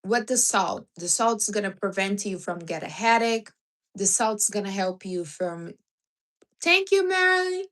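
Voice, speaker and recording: Woman, livestream host, casual chat, blunt and teasing, mid pitch. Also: normal speed. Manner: blunt, teasing advice with non-native grammar.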